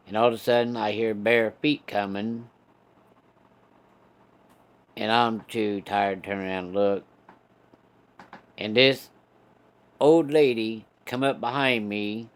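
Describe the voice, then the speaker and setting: A man's voice: mid-range voice, measured pace, long pauses, smooth. A man telling a casual story in a folksy, profane, laid-back way.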